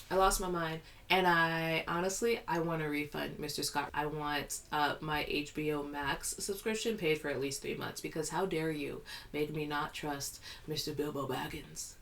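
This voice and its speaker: Chatty young woman with a lowish voice. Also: normal speed, gravelly, hardly any pauses. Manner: chatty, animated, full of "like" and "you know what I mean". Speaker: film reviewer. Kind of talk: casual vlog review.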